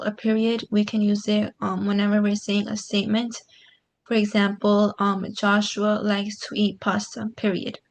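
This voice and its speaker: A woman teaching a grammar lesson online, explaining step by step in a patient way with frequent "um"s. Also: medium pitch.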